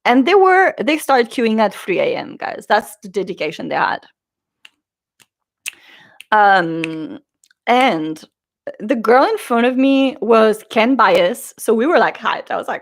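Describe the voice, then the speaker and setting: Young woman vlogger, casual storyteller, lively high voice that swings widely when she quotes people. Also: takes it slowly. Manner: animated, acts out quotes with big pitch jumps.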